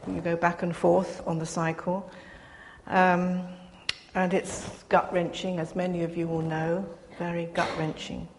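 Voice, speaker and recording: An older woman giving a personal testimony to a gathering, speaking earnestly with pauses and restarts. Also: fairly low pitch, little pitch movement, a little mellow. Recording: reverberant hall, faint background noise.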